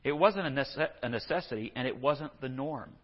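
Folksy husky-voiced Texas preacher. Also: male voice, mid-range voice, animated, normal speed, long reverb tail, highs cut off. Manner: folksy, joking asides, acts out scripture dialogue. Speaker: pastor. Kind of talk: sermon.

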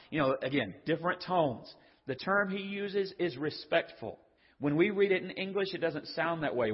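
An older man with a slightly rough, rather high voice preaches a sermon at a moderate pace, his intonation lively. He keeps it conversational and jokey, doing the voices of people in his stories. The audio is dull and lo-fi, with long hall reverb.

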